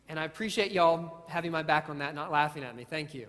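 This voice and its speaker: A man's voice: fairly high pitch, fast talker, a bit bright. A man delivers a sermon from the pulpit, earnest and self-deprecating. His words ring out with a long reverb off the church walls, and he often stumbles and restarts as he tells a story. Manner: repeats phrases and restarts words. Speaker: preacher. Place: church sanctuary.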